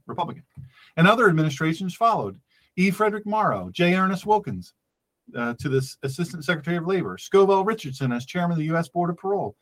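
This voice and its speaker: Man, pastor-host, emphatic repeated points, raised pitch, swinging intonation. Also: a bit bright. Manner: emphatic, repeats points, addresses listeners as folks. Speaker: pastor hosting an online show. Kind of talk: animated political commentary.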